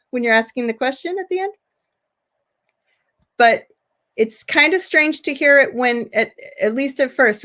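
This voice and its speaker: A woman giving an informal online lesson over a video call, chatty and quick to laugh between points. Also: high-pitched, a bit bright. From United States. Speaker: online seminar presenter. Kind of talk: informal teaching talk.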